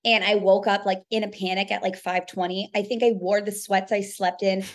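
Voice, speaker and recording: A woman's voice: medium pitch, flat delivery, a little fast. A young woman from New York, a radio producer and host, telling stories in a chatty podcast interview. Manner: chatty, storytelling with lots of "like".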